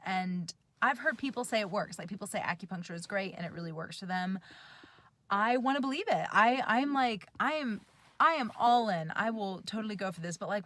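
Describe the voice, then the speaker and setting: A woman in her thirties vlogging from inside a parked car, telling a story in an animated, giggly, chatty way. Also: medium pitch. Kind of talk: casual storytelling to camera.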